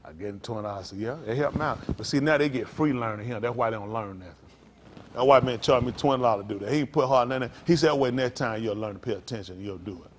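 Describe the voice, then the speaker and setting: A middle-aged male pastor preaching to a congregation, rambling through folksy stories and jumping to loud emphasis. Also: medium pitch, fast talker, slight background noise.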